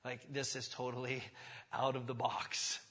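A man's voice: medium pitch, little pitch movement, measured pace, a bit bright, slightly rough, in a large hall. A man preaching a conversational sermon as pastor. He often checks in with his listeners and acts out voices in the quoted dialogue. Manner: conversational, keeps asking "does that make sense?".

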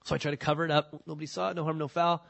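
A man delivers a sermon in a fairly high voice. He talks casually and with energy, acting out people's excuses in quick voices before coming back to his point. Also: creaky. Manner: animated, acts out quoted excuses in voices. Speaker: pastor.

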